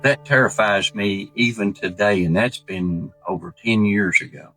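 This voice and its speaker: A man telling a true story in a folksy, animated way, acting out the voices he quotes. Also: lowish voice, measured pace, dry recording, soft background music. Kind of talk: casual spoken storytelling.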